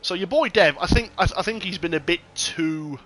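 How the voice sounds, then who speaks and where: A man giving casual, excitable sim racing commentary with lots of banter and swearing. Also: high voice, moderate pace, a loud crowd. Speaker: race commentator.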